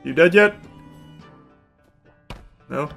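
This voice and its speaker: A man giving live gaming commentary, breaking into excitable shouted outbursts and profane, self-mocking asides. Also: a little high, very slow, gravelly, soft background music. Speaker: gaming streamer.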